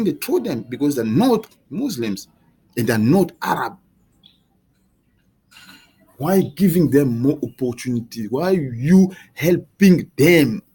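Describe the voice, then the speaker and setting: A man delivering an impassioned monologue to camera, pleading and questioning with halting restarts and repeated words. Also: medium pitch, dark tone, husky. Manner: heated, pleading, repetitive questioning.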